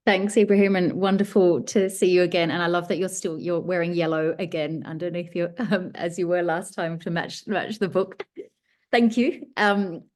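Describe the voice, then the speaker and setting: Woman guest author, deep voice, musing and rambling answers on a video call. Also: fairly even intonation, moderate pace, darkish tone. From Australia. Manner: thoughtful, rambling with restarts. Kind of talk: casual workshop answer.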